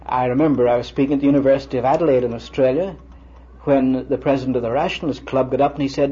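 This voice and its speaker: A man's voice: medium pitch, steady tone, very fast, mellow, husky. An older man giving a lecture-style sermon, telling stories and quoting conversations in a conversational way. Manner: storytelling, conversational, quotes others in dialogue. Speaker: preacher lecturing. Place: lecture hall with students. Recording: dull lo-fi vintage recording with faint hiss.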